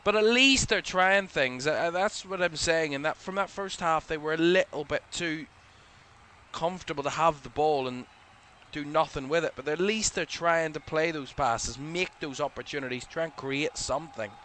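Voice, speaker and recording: A man giving relaxed live play-by-play commentary on a football match for a watchalong stream, chatty and a little drowsy, yawning now and then and correcting himself as he goes. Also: fairly high pitch, moderate pace. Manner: relaxed, chatty, thinking aloud with small self-corrections.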